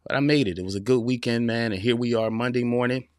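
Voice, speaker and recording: A man's voice: mid-range voice, steady tone, fast, clear, resonant tone, no room sound. Preachy man in his forties, dry close mic. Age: 40s. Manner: preachy, direct address with repetition; casual, addresses listeners as y'all and man. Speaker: podcast host. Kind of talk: live-streamed motivational podcast talk.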